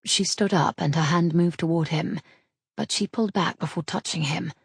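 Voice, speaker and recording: A woman narrating a romance audiobook in an intimate, husky reading. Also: fairly low pitch, normal speed, dry recording, clean studio sound.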